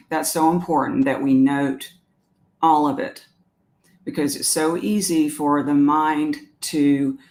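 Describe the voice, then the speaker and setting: Chatty Southern woman hosting a live stream. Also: low-pitched. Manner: chatty and meandering, reads viewer comments aloud. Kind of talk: casual live-stream talk.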